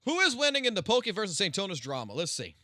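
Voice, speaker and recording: A man's voice: high-pitched, wildly swooping pitch, fast talker, pushed and bright, no echo, studio quality. A man ranting on a live stream, commenting on online drama in a heated, profane, confrontational way.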